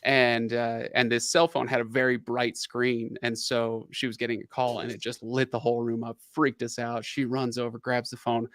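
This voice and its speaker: Man, middle-aged, livestream host, animated storytelling, laughs a lot, mid pitch, dry close sound. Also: normal speed, hardly any pauses, dry recording. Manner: animated, laughing, many fillers. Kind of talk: casual storytelling.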